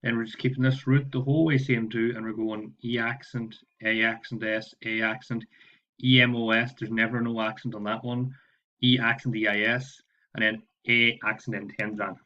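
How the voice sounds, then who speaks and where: A man's voice: mid-range voice, little pitch movement, normal speed, bright, forceful tone, lo-fi sound. A man teaching Spanish, walking his class through homework and patiently spelling out verb endings letter by letter. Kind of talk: online homework walkthrough.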